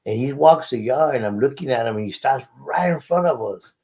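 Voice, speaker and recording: A man's voice: mid-range voice, expressive, brisk, darkish tone, breathy edge, poor audio. A middle-aged man casually telling his life story in an interview, using street slang and Spanish words and often repeating himself.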